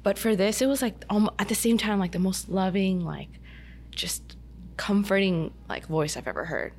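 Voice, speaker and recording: A woman guest on a podcast, telling a personal story in a chatty, animated way with lots of "like". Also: medium pitch, moderate pace, a little hiss or hum. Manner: chatty, heavy use of "like", animated retelling. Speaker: podcast guest, dance studio owner. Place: indoor podcast table over a meal.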